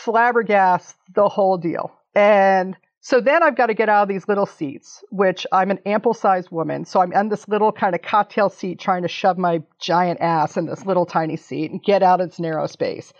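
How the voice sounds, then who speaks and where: A woman in her fifties telling an animated story as an interview guest, laughing often and swearing casually. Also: mid-range voice, moderate pace, few pauses. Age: 50s. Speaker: interview guest, documentary maker. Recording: dull lo-fi audio.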